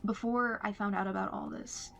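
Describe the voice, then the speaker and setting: A woman giving a personal account in a flat, hesitant way. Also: medium pitch, moderate pace, vocal fry. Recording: faint music behind. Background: faint music.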